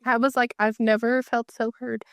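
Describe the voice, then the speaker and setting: A woman co-hosting a podcast in casual chat, talking quickly and laughing as she riffs in playful chains. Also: fairly high pitch, level tone, no room sound, clean studio sound. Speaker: podcast co-host.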